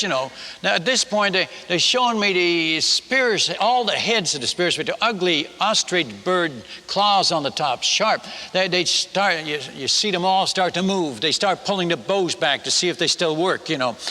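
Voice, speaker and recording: A man preaching a sermon as an animated storyteller, with folksy asides and restarts. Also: high-pitched. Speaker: preacher and former missionary. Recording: long reverb of a large hall.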